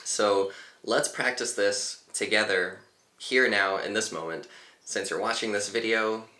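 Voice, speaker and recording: A man leads a guided breathing meditation, speaking calmly and without hurry. His voice sits low but sounds bright and clear. The room around him gives a noticeable echo. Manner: calm, unhurried, gently instructive. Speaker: meditation teacher.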